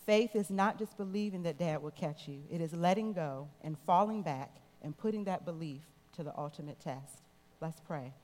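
A woman's voice: sits low, moderate pace, darkish tone. A woman speaking to her church, earnestly telling a story and leading a prayer, recorded in a reverberant sanctuary. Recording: long reverb in a large hall.

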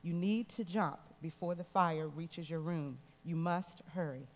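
A woman's voice: lowish voice, measured pace. A woman reading the lines of a kind fireman who pleads urgently, in a reverberant hall. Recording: long reverb in a large hall.

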